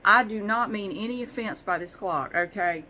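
A woman vlogger rambles in casual chat, swearing lightly and poking fun at herself. Her voice is bright and forward, with a faint hiss of noise in the background. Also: mid-range voice, moderate pace, rough recording.

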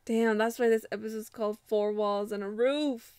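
A woman's voice: fairly high pitch, steady tone, moderate pace, darkish tone, clear, resonant tone, no room sound. A woman giving casual reaction commentary to a TV episode, emotional and exclaiming, near tears. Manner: emotional, exclaiming, laughing often. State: holding back tears. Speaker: reaction vlogger.

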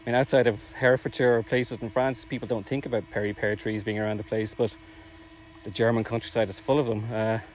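A man with a slightly low voice talks casually outdoors as he walks. He is a little out of breath and rambles, using plenty of fillers and self-deprecating asides. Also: little pitch movement, quick pace, a little hiss or hum. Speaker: orchard project owner streaming drone flights. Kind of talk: casual live-stream vlog narration. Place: outdoors in fields.

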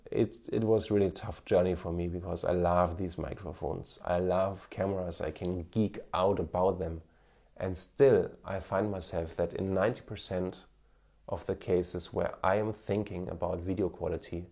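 The man's deep, creaky, slightly mellow voice moves at a measured pace with fairly even intonation. In his thirties, with a German accent slightly tinged by Indian, he offers earnest encouragement to camera and uses many fillers. He's a marketing coach and former TV cameraman filmed on a smartphone with an external microphone.

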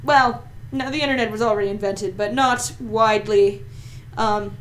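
A woman's voice: mid-range voice, steady tone. A woman co-hosting a let's play, chatting playfully and reading the game's text aloud. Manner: playful, giggly, quick asides. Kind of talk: casual gameplay chat, reading game text aloud. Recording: noisy home recording.

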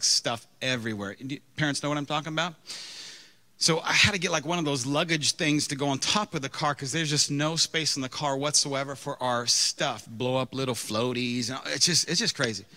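A pastor in his thirties telling a humorous, self-mocking story during a sermon, with lively, animated delivery. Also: mid-range voice, a little fast.

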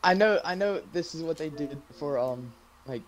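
A man's voice: fairly high pitch, lively intonation, moderate pace. A man playing an online football game, chatting casually and joking. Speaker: player. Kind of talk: casual gaming chat.

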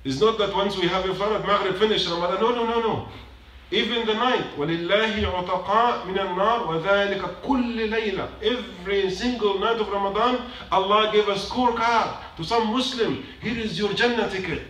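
A man races through a short mosque sermon in a high-pitched, fairly bright voice, barely pausing. Emphatic, he repeats points and questions the congregation; the recording is echoey and distant in the prayer hall.

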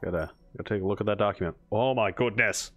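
A man giving casual let's play commentary, full of excited exclamations and chuckles. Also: lowish voice, fast, soft background music.

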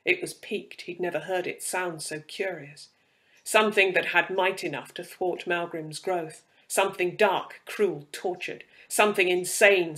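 Man reading dark fantasy aloud. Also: high-pitched, steady tone, normal speed. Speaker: reader. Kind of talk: dramatic fiction reading.

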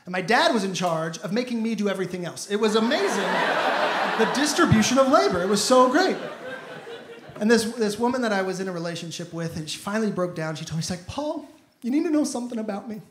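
A man's voice: sits high, quick pace, a little hiss or hum. A young man performing a stand-up comedy set, telling stories and acting out the dialogue. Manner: animated storytelling, acts out dialogue. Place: comedy club stage with live audience. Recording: echoey club room, audible ambience.

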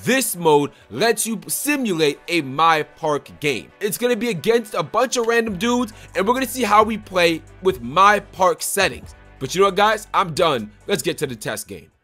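A hyped young gaming YouTuber with a high-pitched voice calls his gameplay, firing off excitable trash talk and quick, repeated exclamations. Soft music plays in the background.

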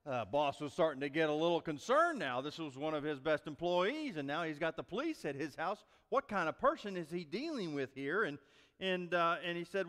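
A man preaching a sermon as pastor, telling a story in a folksy, animated way with many restarts. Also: a little high, brisk. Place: church sanctuary. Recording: long reverb of a church sanctuary.

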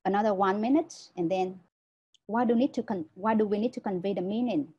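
A woman's voice: medium pitch, fairly quick, dark tone, breathy edge, highs cut off. A woman giving an online lecture as a teacher trainer over a video call, explaining step by step and often checking understanding with "right?".

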